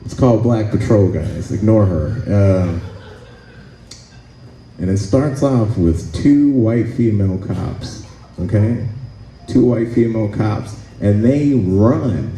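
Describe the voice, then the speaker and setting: Laid-back male stand-up comic, dark voice. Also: fairly low pitch, echoey room, slight background noise, low-quality recording. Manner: laid-back, halting, with frequent "uh" and "let's see"; chuckles between lines. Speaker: stand-up comedian. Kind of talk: stand-up comedy set. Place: comedy club stage.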